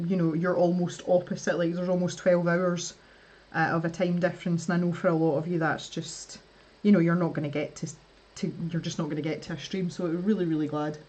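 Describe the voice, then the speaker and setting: A woman from the West Coast of Scotland with a softened West Coast Scottish accent, chatting casually on a livestream, laughing often and restarting her sentences. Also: lowish voice. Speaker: art livestream host. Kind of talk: casual chat reading live comments.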